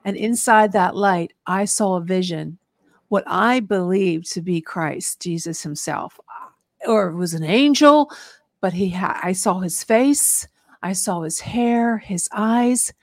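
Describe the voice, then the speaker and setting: A woman hosting a radio talk show tells a long personal story as testimony in a casual interview setting, rambling earnestly and often restarting her sentences. Her middling-pitched voice is slow, dry, and close to the mic.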